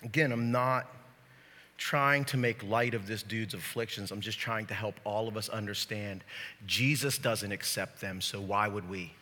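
Sharp-voiced man preaching in echoing hall. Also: on the low side, moderate pace. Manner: lively, joking, talks straight to the crowd. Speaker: pastor. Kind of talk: sermon. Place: church sanctuary. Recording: long hall reverb.

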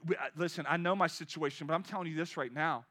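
A man in his fifties preaching a sermon with energy, swinging between loud exhortation and quiet storytelling. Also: a little high, quick pace. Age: 50s. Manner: energetic preaching, rising loud then dropping to soft storytelling. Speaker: pastor.

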